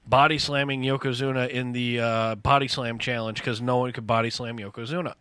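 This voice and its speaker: A man's voice: mid-range voice, steady tone, brisk, fairly bright tone, clean tone, no room sound. A man hosting a podcast, joking and swearing in casual banter. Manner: swearing, joking, wrestling trivia. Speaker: podcast host.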